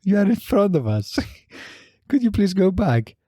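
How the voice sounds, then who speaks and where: A man voicing an angry young British woman who scolds in a shrill, outraged way. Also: takes it slowly, warm tone, no echo, clean studio sound. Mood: indignant.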